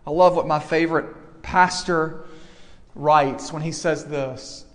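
A middle-aged man delivers an earnest sermon in a slightly high voice. His words ring with a long reverb, as if spoken in a large hall. He builds steadily toward emphatic, pressing points. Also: fairly even intonation, slow, a bit bright. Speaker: campus ministry pastor.

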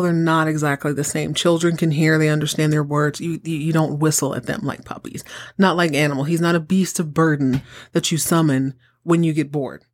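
Brief: chatty, sassy female host with a lowish voice, casual recap. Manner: sassy, chatty, wry asides. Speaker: podcast host. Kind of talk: casual soap opera recap.

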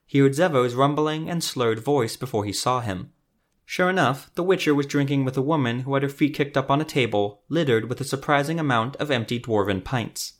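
A man narrating a fantasy story podcast in a measured, scripted storytelling manner. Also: mid-range voice.

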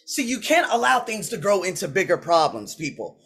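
A man hosting his coaching podcast in a motivational preaching mode, swinging between loud declarations and low asides, recorded on a laptop at home while he paces. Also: very animated, normal speed, husky. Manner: swearing, talking to himself by name. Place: indoors at home, pacing with a laptop. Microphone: laptop mic.

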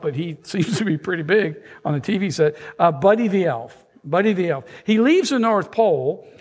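A man, a lead minister, preaching a sermon at a church service and leading the congregation in repeating phrases. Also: sits high. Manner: repetitive, leads call-and-response.

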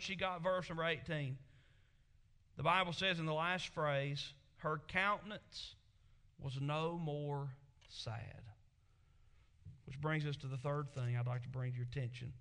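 A man preaching a sermon as pastor, emphatic and rising to loud exclamations. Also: on the high side.

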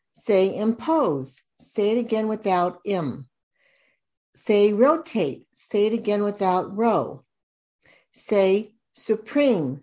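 A woman tutor walks through reading drills at an unhurried pace. She speaks deliberately, sounding out each syllable with care. Her pitch sits in a middle range. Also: a little mellow. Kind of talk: instructional demonstration.

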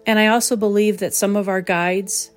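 A woman hosting a reflective spoken talk as a medium, gentle and pausing to search for the right words. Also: medium pitch, fairly even intonation, soft background music. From southern New England. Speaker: psychic medium, host.

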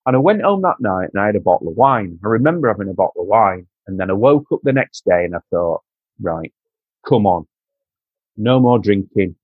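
A man's voice: fairly low pitch, sing-song, fast, hardly any pauses, slightly rough, no echo, phone-quality sound. A man from Doncaster with a Yorkshire accent, telling his story as a podcast guest earnestly, repeating himself and calling the host mate. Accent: Yorkshire English. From Doncaster, England. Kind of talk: candid personal storytelling.

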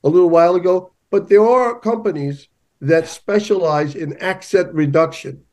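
Emphatic man with a higher voice. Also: moderate pace, a little mellow. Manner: emphatic, storytelling. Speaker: journalist guest. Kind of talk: conversational interview.

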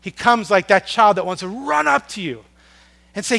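A man preaching a sermon, earnest and storytelling, swinging from loud emphasis down to a hush on soft words. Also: high-pitched, expressive, moderate pace, gravelly. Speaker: pastor.

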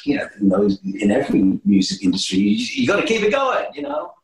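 Animated male storyteller in an echoey room. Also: fairly quick, creaky. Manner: animated, swooping pitch, frequent restarts. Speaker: guest musician. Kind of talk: casual interview storytelling. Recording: roomy echo.

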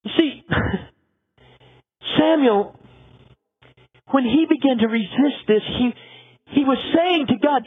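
High-voiced pastor preaching, tinny sound. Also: male voice, takes it slowly, pauses often, breathy edge. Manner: dramatic storytelling, voices biblical characters. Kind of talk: sermon.

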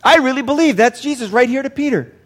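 A man's voice: very high-pitched, fast, fairly bright tone. An older man, a pastor, preaching a sermon earnestly and repeating lines for emphasis.

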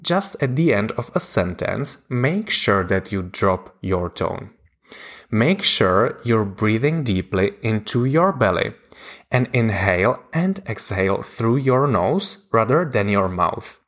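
Slow, animated male coach narrating. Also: fairly low pitch. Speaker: communication coach. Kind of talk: scripted instructional narration.

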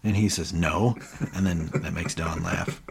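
A man's voice: sits low, fairly even intonation, moderate pace, vocal fry, slight background noise. A man co-hosting a podcast, casually retelling scenes and quoting characters in lightly shifted voices. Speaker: podcast co-host.

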